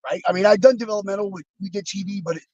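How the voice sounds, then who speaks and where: A man's voice: high-pitched, steady tone, rapid-fire, mellow, no room sound, lo-fi sound. A man being interviewed over a video call, telling rambling, reflective stories with many fillers and restarts. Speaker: interview guest, former wrestler. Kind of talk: casual storytelling.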